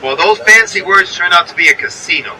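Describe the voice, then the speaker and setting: This tour guide talks over a noisy crowd on a bus, his New York accent carrying a high, expressive, slightly fast voice as he chats and checks in with passengers while naming sights. The mic sits far away, and the recording quality is low.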